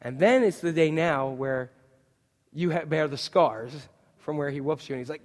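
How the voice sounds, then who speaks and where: A male pastor preaching a lively, jokey sermon, asking the congregation questions. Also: fairly high pitch, normal speed, long pauses, in a large hall.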